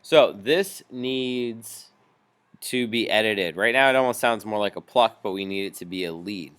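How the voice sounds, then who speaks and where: A man teaching a music software tutorial, explaining each step patiently with frequent ums. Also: on the low side, unhurried, slight background noise. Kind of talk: screen-recorded software tutorial.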